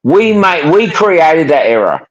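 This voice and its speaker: A man's voice: fairly high pitch, very animated, unhurried, muffled recording. Blunt sweary Australian man. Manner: blunt, swearing, repeats his point. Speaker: fan panelist. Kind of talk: heated casual chat.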